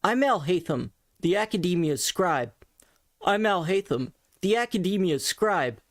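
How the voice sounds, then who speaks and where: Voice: mid-range voice, expressive, measured pace, no echo, clean studio sound, lightly acted. A voice trainee imitating an aloof young male scholar, with an abrupt, punchy delivery. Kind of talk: voice impression practice.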